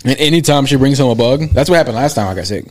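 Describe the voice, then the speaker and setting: A man in his thirties, co-hosting a podcast, with a wry, deadpan way of talking. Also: medium pitch, rapid-fire. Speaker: podcast co-host. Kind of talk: casual chat.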